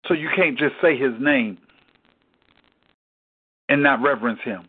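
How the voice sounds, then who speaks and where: A man's voice: medium pitch, expressive, normal speed, pauses often, breathy edge. A man teaching a Bible study in a preaching cadence, asking rhetorical questions and repeating key phrases for emphasis. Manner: rhetorical questions, repeats "why?" and "guess what?". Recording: tinny phone-like recording.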